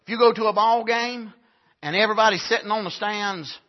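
A man preaching a sermon at a camp meeting, punctuating with frequent "amen" and building up to shouts. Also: high-pitched, a little fast, highs cut off.

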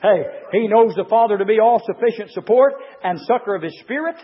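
A man preaching a fiery sermon, swinging from low murmurs to shouted climaxes and reading passages aloud to comment on them. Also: fairly quick, husky. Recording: reverberant hall, muffled lo-fi sound.

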